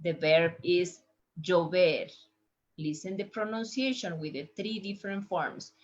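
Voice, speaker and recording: A woman teaching Spanish to healthcare workers, saying each word slowly three times for listeners to copy. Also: lowish voice, muffled recording. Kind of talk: language lesson for healthcare workers.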